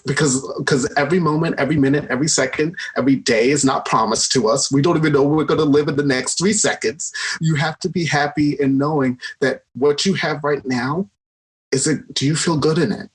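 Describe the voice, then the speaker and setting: A man's voice: fairly high pitch, steady tone, fairly quick, breathy edge. Upbeat man with a raised voice. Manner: enthusiastic, laughs often, rambling restarts. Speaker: guest. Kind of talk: casual conversation.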